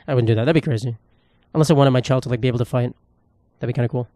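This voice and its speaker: A man's voice: medium pitch, racing, mellow, no room sound. A man in his twenties hosting a casual solo podcast, rambling and swearing, with sarcastic asides and a dry throat. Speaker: podcast host.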